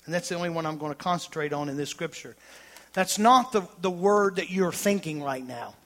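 A male pastor preaching a sermon, swinging from loud emphatic declarations to hushed, intimate tones. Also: on the high side, fairly quick.

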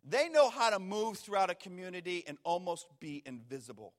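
A man preaching a sermon, swinging from hushed, slow words to loud, urgent ones. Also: sits high, lively intonation.

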